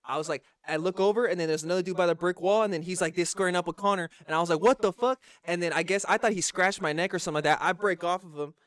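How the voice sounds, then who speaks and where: Fast-talking young man telling a story. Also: high voice, steady tone, a bit bright, smooth, no echo. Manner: slangy, rambling, restarts often. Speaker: podcast co-host. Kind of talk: casual storytelling chat.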